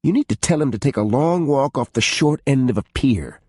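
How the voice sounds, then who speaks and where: A blunt, fiercely protective young woman, put on by a male narrator, with a raised, husky voice and a firm, forceful delivery. Her pitch swings widely. The sound is close and dry. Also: lively intonation, brisk, no room sound. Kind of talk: audiobook character voice.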